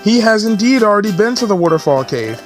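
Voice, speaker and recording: A man's voice: sits high, sing-song, quick pace, soft background music, voice pushed up. A man playing a prim, fussy bird assistant. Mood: officious. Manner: prim, officious, lecturing. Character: fussy, pompous male bird guild assistant.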